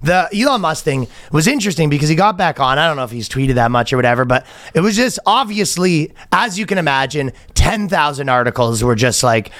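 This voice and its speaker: A young man co-hosting a podcast, joking through quick banter and laughing often. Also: on the high side, expressive, a bit bright. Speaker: podcast co-host. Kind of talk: casual chat.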